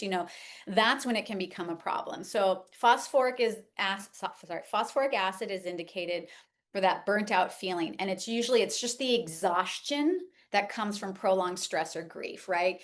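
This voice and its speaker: A woman's voice: medium pitch, moderate pace. A middle-aged woman gives an informal talk to a group. She speaks in a loose, conversational way and leans on fillers and "like" as she explains. Her voice sits in an ordinary middle range. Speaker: homeopathy educator. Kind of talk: informal lecture.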